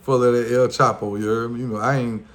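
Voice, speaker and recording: A man's voice: medium pitch, little pitch movement, fast talker, a little hiss or hum. A man with a Louisiana accent telling a story from his past in loose street slang, full of fillers and acted-out quotes. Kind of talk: casual storytelling.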